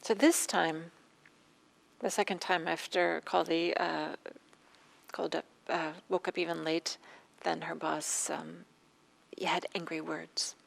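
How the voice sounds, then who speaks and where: A woman meditation teacher giving a dharma talk, with a scratchy throat, telling stories in an unhurried way that often trails into soft whispers. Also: sits low, fairly even intonation, gravelly.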